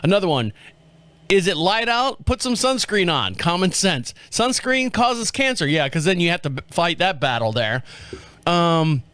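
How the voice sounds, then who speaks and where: A man's voice: sits high, sing-song, moderate pace, fairly bright tone, clean tone, no room sound. A middle-aged man from the States, hosting a podcast in a rambling, joking way and chuckling often. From southern United States. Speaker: podcast host. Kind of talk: casual chat.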